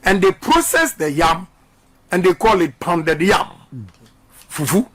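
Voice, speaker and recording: A man's voice: sits high, big pitch swings, slow pace, fairly bright tone. A middle-aged man with a Ghanaian accent giving an impassioned radio interview as a politician, emphatic and repeating slogans. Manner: emphatic, repeats slogans, mixes English and Twi. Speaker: politician guest.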